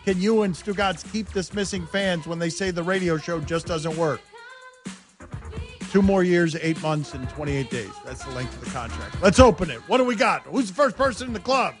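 A man hosting a sports talk radio show, excitable and shouting catchphrases over music. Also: high voice, moderate pace. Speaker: radio host.

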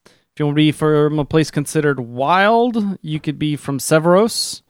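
A man's voice: on the high side, normal speed, smooth, dry recording, clean studio sound. A man running a tabletop game, explaining the rules casually with many fillers. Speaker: game master.

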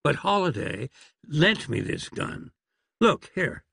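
A man's voice: a little high, very animated, takes it slowly, gravelly, bright, forceful tone, breathy edge, dry recording, clean studio sound, exaggerated voice. A man voicing a fussy, courteous elderly doctor in a storybook reading. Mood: prim. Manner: prim, courteous, flustered.

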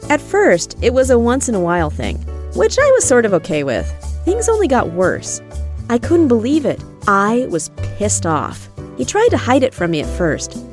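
A woman's voice: fairly high pitch, huge pitch swings, moderate pace, soft background music. A woman telling a confessional story in an exasperated, complaining way. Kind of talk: confessional monologue.

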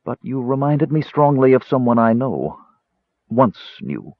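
A man's voice: mid-range voice, sing-song, measured pace, no echo, pitched above the performer's own voice. A man voicing an earnest young woman cleric who speaks formally. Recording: slightly muffled audio.

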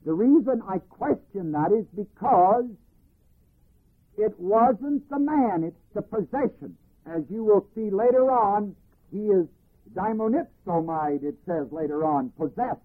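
A man teaching a Bible class, reading verses and explaining them deliberately, phrase by phrase. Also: sits high, animated, slightly rough. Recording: tinny archival phone-band recording.

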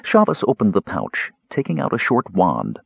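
A man narrating a fantasy audiobook in a measured, expressive storytelling manner. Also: fairly low pitch, vocal fry, husky, dry recording, muffled recording.

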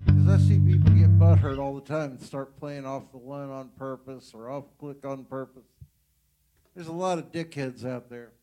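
A man's voice: medium pitch, moderate pace. A man teasing his bandmates bluntly and crudely in casual banter. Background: loud band music.

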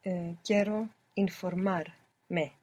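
Brief: female learner, low-ish voice, short careful replies. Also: fairly even intonation, takes it slowly, dark tone. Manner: short, careful repeated answers. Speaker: student. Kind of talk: lesson answers.

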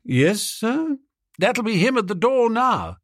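A man voicing a calm, deferential male valet who speaks politely. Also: high voice, slow, dry recording, clean studio sound, pitched above the performer's own voice, heavily acted. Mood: composed. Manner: polite and composed.

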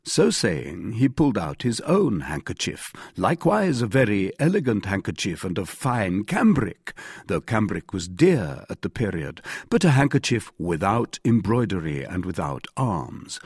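A man narrating a classic novel in a measured, expressive reading. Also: lowish voice, husky, dry recording, clean studio sound. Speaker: audiobook narrator.

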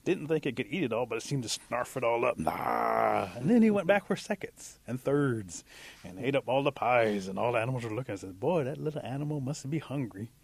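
A man's voice: slightly rough, no echo. Folksy male storyteller. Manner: folksy, unhurried, with lively pitch jumps for emphasis. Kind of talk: oral folktale storytelling.

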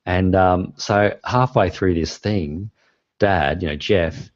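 A man's voice: low voice, takes it slowly, dry recording. A man in his forties, a podcast host who tells rambling stories and laughs often. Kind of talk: casual chat. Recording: dry, dull lo-fi sound.

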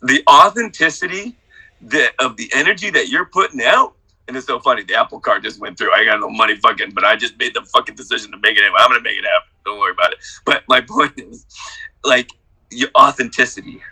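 A middle-aged man on a group video call, swearing freely and moving from quiet confession to shouted hype-man enthusiasm. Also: quick pace, slightly rough, poor audio. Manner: profane, exuberant, hype-man energy swinging from low confession to shouting. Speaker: workshop participant.

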